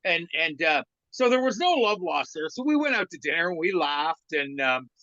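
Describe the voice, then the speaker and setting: A man's voice: on the high side, normal speed, dry recording. A man in his sixties, a former hockey trainer turned comedian, telling a long anecdote as an interview guest and acting out the quoted lines of the people in it. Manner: lively yarn-spinner who acts out other people's quoted lines. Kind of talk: anecdotal storytelling in a podcast interview. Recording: dry, slightly muffled sound.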